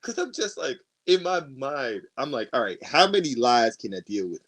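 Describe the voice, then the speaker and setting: A man's voice: mid-range voice, big pitch swings, moderate pace, crowd noise. A man co-hosting a podcast, telling a story in casual chat with lots of profanity and laughter. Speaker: podcast co-host.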